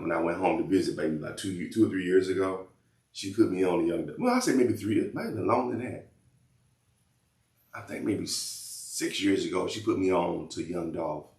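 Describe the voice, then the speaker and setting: Man, very low voice, casual rambling commentary host, roomy echo. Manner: loose rambling talk with repeated restarts.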